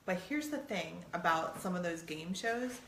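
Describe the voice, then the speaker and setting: A woman's voice: fairly low pitch, lively intonation, normal speed, a bit bright, reverberant, a little hiss or hum. A middle-aged woman co-hosting a show, chatting casually and teasingly with her husband, laughing often. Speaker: podcast co-host. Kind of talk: casual chat with spouse.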